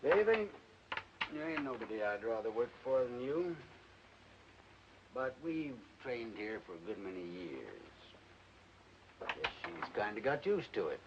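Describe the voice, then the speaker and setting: A man's voice: medium pitch, very animated, unhurried, pauses often. An actor playing a middle-aged horse trainer and father who speaks in a folksy, hesitant drawl. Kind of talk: 1940s film acting. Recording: muffled old film soundtrack with faint hiss.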